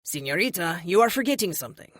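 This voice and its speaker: A woman voicing an effusive middle-aged male shopkeeper in an audiobook, generous and flattering, sprinkling in Spanish words. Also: on the low side, quick pace, dry recording, studio quality. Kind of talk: audiobook character voice.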